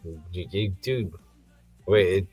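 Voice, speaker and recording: A man's voice: sits low, takes it slowly, a little mellow, slightly rough, dry recording, faint music behind. A man co-hosting a casual movie review podcast, joking and laughing through loose banter. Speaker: podcast co-host.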